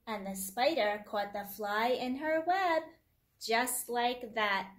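A woman's voice: fairly high pitch, animated, slow. A woman hosting story time for young children, reading a picture book aloud in a sing-song teacher voice and making the animal sounds.

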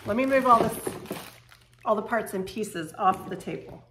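A woman chatting casually to camera as she unboxes home decor, excitable and gushing, with quick bursts of surprise. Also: medium pitch. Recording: echoey room with faint noise.

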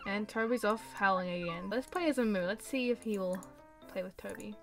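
A woman giving casual let's-play commentary, chatty and excitable, talking to the pets on screen. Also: mid-range voice, brisk, over music. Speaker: gameplay commentator.

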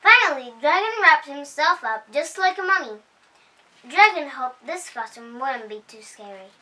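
A woman hosting a storytime, reading a children's picture book aloud at home in a cheerful, unhurried way. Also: high voice, lively intonation, sharp tone. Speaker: storytime host. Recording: voice heard from a distance.

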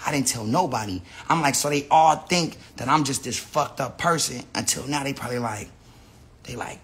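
A man's voice: medium pitch, moderate pace, a bit bright. An American man ranting on a casual phone livestream, rambling with lots of slang, profanity and restarts. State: says he is high. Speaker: live streamer. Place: indoor room with a big screen.

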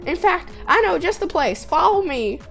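A bright, chirpy country farm lady calling out greetings in a high, loud, sing-song voice, as a gaming streamer puts her on. Her friendly drawl sits well above a normal speaking voice. Faint music plays underneath. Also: sing-song, moderate pace. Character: cheerful farm woman survivor with a country twang.

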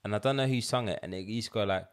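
A man's voice: lowish voice, very fast. A young man co-hosting a podcast in easygoing, playful casual chat. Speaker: podcast co-host.

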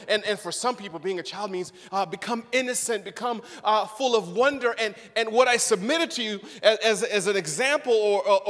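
A middle-aged man from Zimbabwe preaching a sermon as pastor, animated, acting out quotes and repeating words. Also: sits high, in a large hall. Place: church sanctuary.

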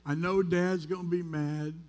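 A man from the United States with a fairly high voice preaches in a church sanctuary. He is a pastor who talks to the congregation in a conversational way. His stories are candid and self-deprecating. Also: flat delivery, unhurried, darkish tone. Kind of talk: sermon.

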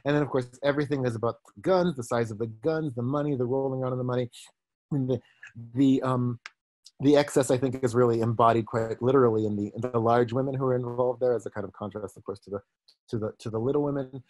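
A man giving an online lecture as a professor, talking thoughtfully with many pauses and restarts. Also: medium pitch, steady tone, darkish tone, dry recording. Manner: thoughtful, hesitant, with frequent fillers and restarts. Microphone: video call microphone.

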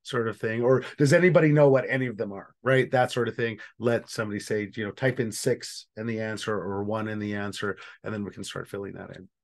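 A man's voice: lowish voice, steady tone, a little fast, hardly any pauses. A man leading an online training session for facilitators, talking casually and thinking aloud with fillers.

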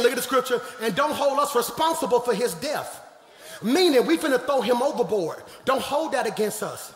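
High, bright-voiced preacher in an echoing hall. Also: male voice, expressive, normal speed. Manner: emphatic, swings from low asides to shouted preaching; playful, jokes with the congregation. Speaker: pastor. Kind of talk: live sermon to a congregation. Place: large church sanctuary. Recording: echoey hall with long reverb.

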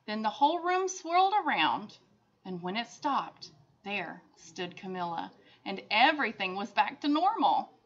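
A woman teacher reading a picture book aloud to children, expressive, with chatty asides. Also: medium pitch, measured pace. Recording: dull lo-fi sound.

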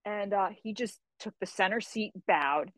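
A woman guesting on an interview show, telling stories in a lively, casual way and acting out the voices of people she quotes. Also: mid-range voice, moderate pace, no room sound. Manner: animated storyteller who acts out quoted voices. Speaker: guest author.

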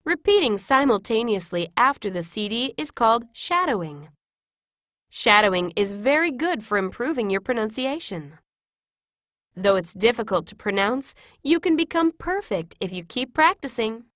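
A woman reading example classroom phrases in a clear, careful, instructive way. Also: a little high, big pitch swings, moderate pace, a bit bright, no echo, clean studio sound. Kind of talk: scripted reading of example sentences.

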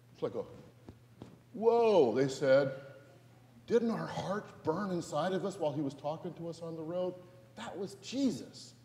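A man's voice: medium pitch, mellow. A man pastor giving a playful, interactive children's sermon, asking the kids questions and getting them moving. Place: large church sanctuary. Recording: echoey church hall.

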